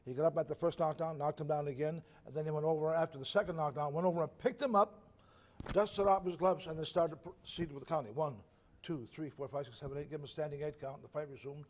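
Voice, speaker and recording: Fast-talking older man telling fight stories. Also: on the high side, steady tone. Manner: rambling, self-correcting, chuckles at own stories. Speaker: retired boxer, interview guest. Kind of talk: casual storytelling interview.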